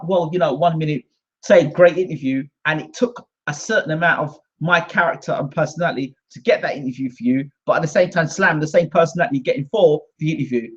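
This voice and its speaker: A man's voice: a little high, slightly rough. A British man hosting his own channel, delivering an indignant, combative rant to camera. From Britain. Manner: indignant and combative, repeats himself. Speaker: host. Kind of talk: ranting monologue to camera. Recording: dull lo-fi sound.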